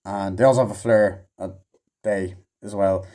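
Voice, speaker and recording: A man's voice: lowish voice, steady tone, moderate pace, dark tone. Rambling, swearing male movie reviewer. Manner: rambling, profane, offhand. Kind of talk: casual movie review vlog.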